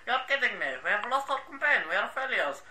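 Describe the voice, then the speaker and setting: A man's voice: extremely high pitch, animated, fast talker, pushed and bright, exaggerated voice. A man voicing a distraught male meerkat campaign leader, speaking in a dismayed, despairing way. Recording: echoey, distant from the mic.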